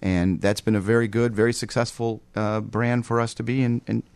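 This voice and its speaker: A man speaking as a business guest in a radio interview, measured and businesslike, with frequent "um" fillers. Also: fairly low pitch, flat delivery, vocal fry, a little mellow, clean tone, no room sound. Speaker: company executive, guest. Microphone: studio microphone with headset.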